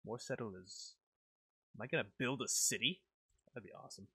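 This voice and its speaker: A man's voice: mid-range voice, normal speed, bright, forceful tone, slightly rough, dry recording. A young man casually commenting on a video game while he plays, rambling, talking to himself and easily startled. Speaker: let's play gamer.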